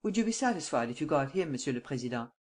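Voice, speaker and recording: An audiobook reader voicing a cool French chief detective, a man who speaks calmly and weighs each word, a little lower than the narration. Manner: calm, measured, dry.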